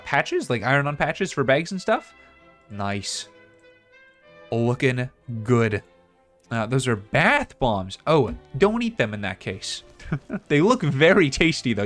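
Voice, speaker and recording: A man's voice: medium pitch, a bit bright. A male streamer chatting casually and rambling through game commentary, often laughing at himself. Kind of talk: casual let's-play commentary.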